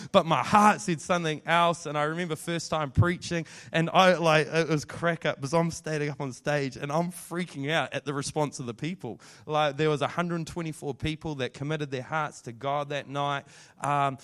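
A man, a pastor giving a candid, rambling testimony sermon that builds into fervent prayer. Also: on the high side.

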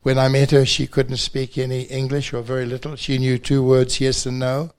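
An older man from New Zealand with a New Zealand accent, a pastor telling his faith testimony at a banquet with gentle self-deprecating humor. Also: medium pitch, monotone, normal speed, clear, resonant tone.

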